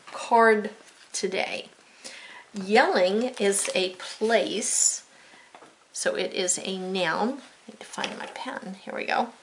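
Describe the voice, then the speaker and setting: A middle-aged woman who teaches a friendly home video lesson for children, speaking slowly and clearly as she writes and encouraging them as she goes. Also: mid-range voice, fairly bright tone, a little hiss or hum. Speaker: homeschool teacher.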